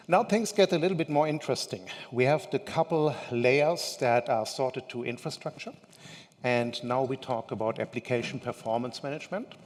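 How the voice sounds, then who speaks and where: A man presenting a technical conference talk in a conversational way, now and then asking the audience questions. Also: medium pitch. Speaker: conference speaker. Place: large conference hall. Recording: long hall reverb.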